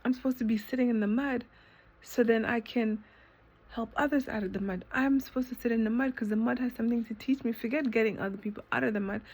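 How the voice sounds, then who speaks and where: A woman's voice: a little high, darkish tone. A woman vlogger talking to herself in an impassioned, emotional monologue, repeating herself, swearing, and at times dropping to a whisper. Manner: halting restarts when emotional. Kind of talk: emotional self-talk monologue.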